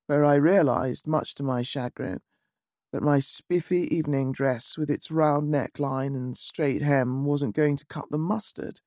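A man narrating a first-person story in a wry, measured, theatrical manner. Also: fairly high pitch, darkish tone, no room sound. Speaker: audiobook narrator. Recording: dry close studio.

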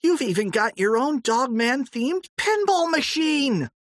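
A man voicing an excitable young boy in an audiobook, shrieking with delight. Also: high-pitched, a little slow, vocal fry, no echo, clean studio sound, voice pushed up, exaggerated voice. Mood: thrilled. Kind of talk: audiobook character voice.

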